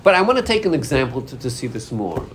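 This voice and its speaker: A man's voice: medium pitch, sing-song, fast, noisy background. A man teaching an informal Torah class, acting out inner voices and dialogues as he explains.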